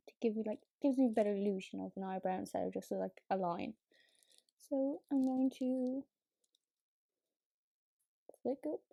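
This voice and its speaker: A woman's voice: on the high side, warm tone, dry recording, clean studio sound. Chatty, casual young-sounding woman vlogger. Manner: chatty, filler-heavy, swears casually. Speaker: beauty vlogger. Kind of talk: casual get-ready-with-me chat.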